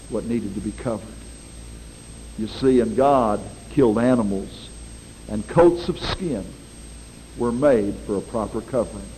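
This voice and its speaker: A middle-aged man preaching a sermon in a folksy, animated way, with dramatic swings in his voice. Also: medium pitch, slight background noise, poor audio.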